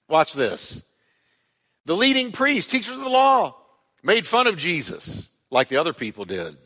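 A man's voice: fairly high pitch, bright, forceful tone, big-room sound. A man preaching as a pastor, reading scripture aloud with dramatic voiced quotes and leading a prayer in a church sanctuary. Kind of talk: sermon.

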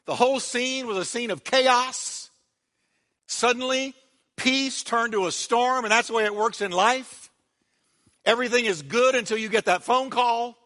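Male pastor, dramatic sermon delivery with call-and-response; high, bright voice, big reverberant hall. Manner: dramatic preaching, dropping to a hush on quiet words; leads the congregation in call-and-response.

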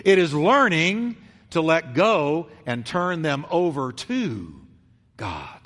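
A man preaching a sermon, telling a story with animated voices and swinging between loud bursts and hushed, quiet lines. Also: a little high, slow. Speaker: pastor. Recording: long hall reverb.

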